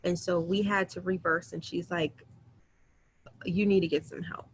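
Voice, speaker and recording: A woman in her thirties hosts a webinar, speaking in a lowish voice with fairly even intonation as she earnestly and emotionally tells her own story. She uses quick self-quotes, and slight background noise accompanies her computer mic.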